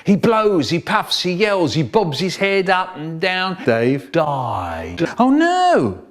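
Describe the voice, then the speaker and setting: Animated theatrical male storyteller. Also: fairly high pitch, slow. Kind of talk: chopped-up comic storytelling performance.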